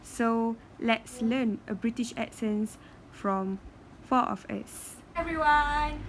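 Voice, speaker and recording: A young woman giving a student class presentation on accents, slowly modelling words for others to repeat. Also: on the high side. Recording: echoey room from a distance with noise.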